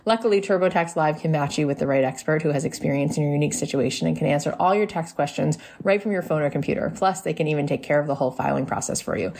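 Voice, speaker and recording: Woman reading an ad spot, quick and deep, upbeat salesy delivery. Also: creaky, a little mellow. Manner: brisk, upbeat pitch. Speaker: ad reader. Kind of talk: read sponsor advertisement.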